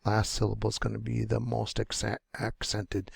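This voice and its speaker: A man teaching pronunciation, sounding out words slowly and repeating each syllable. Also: fairly low pitch, completely flat delivery, creaky, breathy edge, no echo. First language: English. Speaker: language teacher. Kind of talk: pronunciation lesson.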